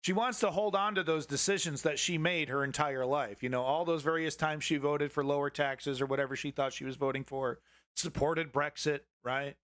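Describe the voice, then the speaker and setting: A man's voice: on the high side, steady tone, normal speed, fairly bright tone, dry recording, studio quality. A man hosting a live political commentary stream, ranting heatedly and swearing at his chat.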